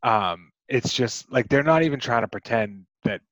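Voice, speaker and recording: A man's voice: mid-range voice, expressive, moderate pace, a bit bright, no room sound, lo-fi sound. A man co-hosting a podcast, chatting casually about a movie, rambling with many restarts and fillers. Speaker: podcast co-host.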